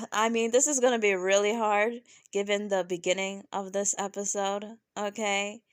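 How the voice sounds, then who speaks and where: A woman reviewing a reality show in casual, opinionated talk, animated and often tagging "right?" onto her points. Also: a little slow, no room sound, studio quality. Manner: animated, keeps asking "right?"; laughs often, mimics people in high voices.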